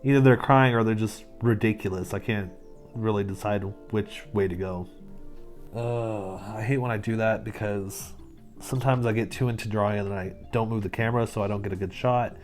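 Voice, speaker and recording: A man's voice: on the low side, steady tone, brisk, darkish tone, faint music behind. A man hosting his own art channel, chatting casually and upbeat about his drawings, often breaking into laughter. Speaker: artist and channel host. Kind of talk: casual art vlog narration.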